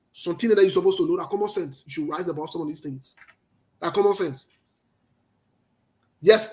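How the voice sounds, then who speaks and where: A man with a Liberian accent giving emphatic political commentary, talking loudly and repeating his points. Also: sits high. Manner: forceful, emphatic, repetitive, passionate.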